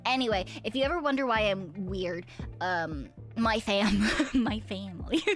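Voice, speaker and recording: A woman's voice: mid-range voice, animated, moderate pace, faint music behind. A woman from eastern Canada streaming and chatting casually with viewers. She laughs easily and swears freely. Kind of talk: casual livestream chat.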